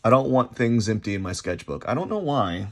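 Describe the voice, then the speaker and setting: A man chatting unscripted while he sketches, rambling and halting, often repeating himself as his thoughts drift. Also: lowish voice, sing-song. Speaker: artist vlogger.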